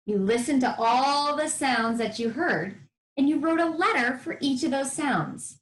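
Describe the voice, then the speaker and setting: A woman's voice: high-pitched, expressive, measured pace. A woman teaching first grade to young children on a televised lesson, encouraging and sounding out letters in a sing-song way. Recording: roomy echo.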